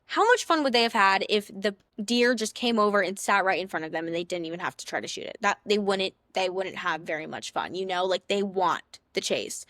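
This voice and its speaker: A young woman podcast host gives sassy, playful dating advice in a casual big-sister tone, chatting and acting out little scenes in other voices. Her medium-pitched, fairly bright voice moves fairly quickly with hardly any pauses, and there's no echo.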